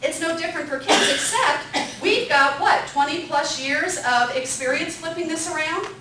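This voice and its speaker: Leading a parenting class, an upbeat woman asks the group questions and repeats their answers back in this interactive lecture. Her voice sits high and moves at a moderate pace. The recording is from a distant mic in an echoey room, with noisy background.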